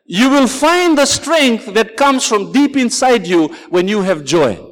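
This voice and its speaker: Male pastor, sermon delivery, very lively swinging pitch, long hall reverb. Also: measured pace. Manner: preaching with calls of "Amen" and "Praise the Lord", storytelling.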